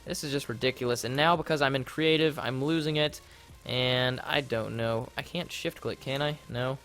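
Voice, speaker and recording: A young man casually commenting on his game during a livestream, rambling and easily flustered, and often breaking into loud, panicked yelling. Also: medium pitch, fairly even intonation, moderate pace, faint music behind. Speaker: livestreamer playing a modded block game.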